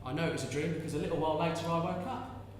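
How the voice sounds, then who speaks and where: A man playing a distraught peasant mother, high and echoey. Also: rapid-fire, a little hiss or hum, close to an everyday voice. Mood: confiding. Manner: tender, cooing and fervent, bursting into shouted curses. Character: distraught young peasant mother clinging to her baby. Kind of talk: stage monologue. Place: large theatre hall. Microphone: distant stage mic. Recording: echoey hall from far off.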